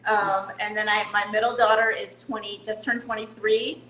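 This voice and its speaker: A woman's voice: mid-range voice, flat delivery, moderate pace, sharp tone, echoey room, a little hiss or hum, rough recording. A middle-aged woman talking candidly as an interview guest, laughing at herself now and then. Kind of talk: casual interview talk.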